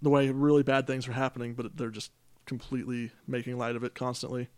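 A man's voice: medium pitch, flat delivery, quick pace, clean tone, no echo. A man co-hosting a gaming podcast, chatting casually with wry, dry jokes. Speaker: podcast co-host. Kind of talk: casual chat about games.

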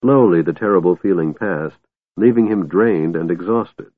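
Male narrator, thin phone-like sound. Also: deep voice. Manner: steady, measured storytelling. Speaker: audiobook narrator. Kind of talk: scripted fantasy narration. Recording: narrow phone-like band, dry.

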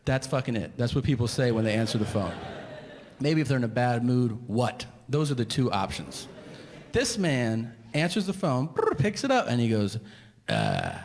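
Man, stand-up comic, exasperated and profane, lively swinging pitch, live hall reverb. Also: moderate pace. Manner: exasperated, profane, acts out the people in his story. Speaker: stand-up comedian. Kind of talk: stand-up storytelling. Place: theater stage before a laughing crowd. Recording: live hall with long reverb, faint noise.

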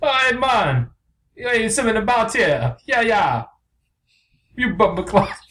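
A man's voice: sits high, very animated, a little slow, reverberant, far from the mic, a little hiss or hum, voice pushed up, full character voice. Man putting on a rowdy Jamaican-accent bird. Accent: put-on Jamaican. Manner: exaggerated, shouting slang. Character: rowdy male street bird, bossy. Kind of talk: improvised comedy skit.

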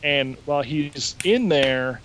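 A man hosting a podcast, casually recapping a show in an animated way and swearing freely. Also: a little high, slow, a little hiss or hum, low-quality recording. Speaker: podcast host. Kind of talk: casual chat, recapping an episode.

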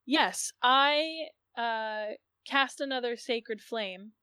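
Female player, fairly high voice, teasing, dry close sound. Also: very slow, pushed and bright, smooth, no echo. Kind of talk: casual game chat.

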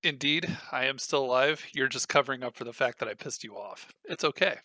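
A young man co-hosting a casual podcast, rambling and halting, restarting his sentences. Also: mid-range voice, pushed and bright, no room sound. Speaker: podcast co-host.

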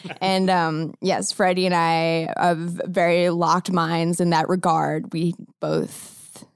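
A woman's voice: on the low side, flat delivery, slow pace, clear, resonant tone, dry recording, clean studio sound. A woman co-hosting a podcast in casual group chat, giggly and self-deprecating. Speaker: podcast co-host.

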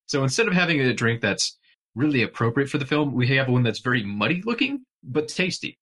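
A man's voice: medium pitch, big pitch swings, fairly quick, fairly bright tone. A man hosting a movie commentary podcast in casual chat, jokey and giggly. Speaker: podcast host.

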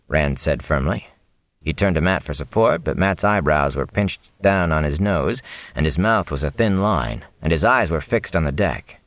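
Deep-voiced expressive male storyteller. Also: normal speed, no echo. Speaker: audiobook narrator. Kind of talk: scripted narration.

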